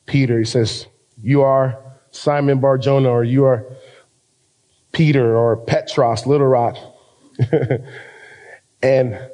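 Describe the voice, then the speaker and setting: A man's voice: medium pitch, low-quality recording. Impassioned American male pastor preaching. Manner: impassioned preaching, rising to loud emphatic peaks; stretches key phrases slowly for emphasis. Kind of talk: sermon.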